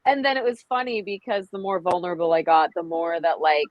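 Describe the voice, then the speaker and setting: A woman's voice: on the low side, lively intonation, brisk, no room sound, dull audio. Chatty woman singer in a casual interview. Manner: chatty, many "like"s and "you know"s. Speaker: singer guest.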